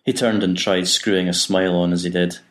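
A man narrating an audiobook in an even, measured reading. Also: low-pitched.

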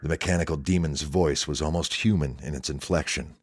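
A man reads a story aloud in a steady, measured way. His voice is very deep. The recording is dry and close. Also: breathy edge, no room sound. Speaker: narrator. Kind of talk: scripted story narration.

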